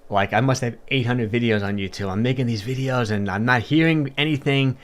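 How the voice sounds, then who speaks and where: A man's voice: mid-range voice, fairly quick. A man, a fitness coach, talking casually on a livestream and answering viewer comments in a chatty, upbeat way with lots of fillers and repeats.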